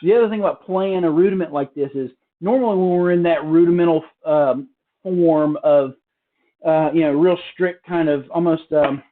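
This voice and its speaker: A man giving a relaxed, casual drum lesson from a hotel room, explaining with fillers and restarts. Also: on the high side, normal speed, phone-quality sound, slight background noise. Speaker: drum teacher. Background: drum practice pad.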